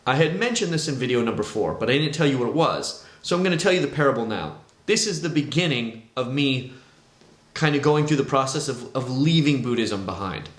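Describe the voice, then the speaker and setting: Animated man telling his story. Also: mid-range voice, roomy sound. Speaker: vlogger sharing his testimony. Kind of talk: personal testimony vlog.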